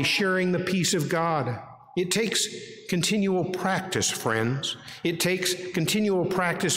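A man's voice: a little high, a bit bright. Earnest man preaching in an echoey church. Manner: measured, earnest preaching with rhetorical questions. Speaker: pastor. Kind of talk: sermon. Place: church sanctuary. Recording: echoey sanctuary with long reverb.

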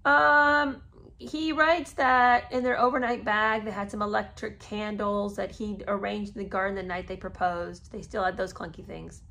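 Here a mother of three who won't put up with nonsense hosts a podcast, reading memoir passages steadily and plainly before jumping in with incredulous, sarcastic asides to her audience. Her voice is mid-range and creaky, and she keeps a moderate pace.

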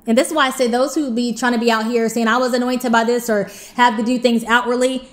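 A woman's voice: a little high, fairly quick, few pauses. A woman reading scripture aloud, stumbling over and restarting words, with casual asides explaining the verses. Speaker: scripture reader.

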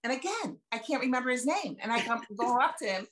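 A woman in her seventies, her voice fairly high, sing-song, a little fast and a bit bright, speaks as a guest sharing her faith story on a video call. She's folksy and talkative, giving emphatic retellings of conversations.

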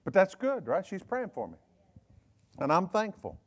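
High-voiced Southern preacher man. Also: huge pitch swings. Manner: folksy, joking preaching with quick asides and laughs. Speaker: bishop preaching. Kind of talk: sermon. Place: church service.

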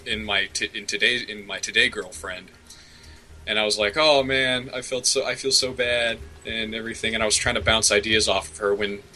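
Bright-voiced young man telling a story. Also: on the low side, rough recording. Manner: rambling storyteller, many fillers and restarts. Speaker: co-host. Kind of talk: casual chat.

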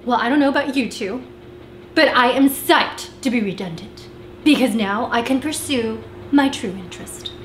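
A woman's voice: on the high side, normal speed, fairly bright tone, slight background noise, natural voice. A young woman playing a brash office worker who wants to rap, with sassy, punchy comic delivery. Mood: scornful. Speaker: auditioning actor. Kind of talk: comic theatre monologue. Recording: echoey room, faint music.

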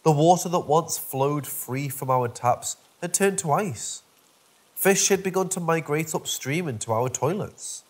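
A man's voice: a little high, measured pace. A man narrating a first-person horror story from a script, in a dry, wry storytelling manner.

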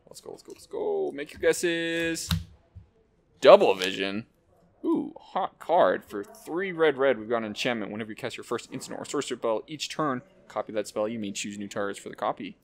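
Excitable man rattling off card names. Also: fairly low pitch, brisk. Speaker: host opening card packs. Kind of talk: casual unboxing commentary.

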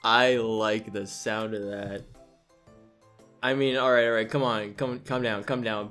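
A man's voice: on the low side, fairly even intonation, unhurried, a bit bright, soft background music. A man hosting a let's play, giving casual, sarcastic, exasperated commentary full of swearing.

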